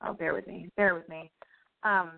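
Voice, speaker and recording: A woman's voice: on the low side, fairly even intonation, moderate pace, creaky. A young woman hosting an online radio show, telling a story in a rambling, profane, self-interrupting way. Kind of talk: casual rambling monologue. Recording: phone-like narrow band audio.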